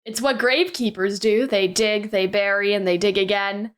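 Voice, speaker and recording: A woman's voice: medium pitch, steady tone, normal speed, a bit bright, pitched below the performer's own voice, lightly acted. Woman doing a solemn young gravekeeper guy. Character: spooky deadpan young male gravekeeper.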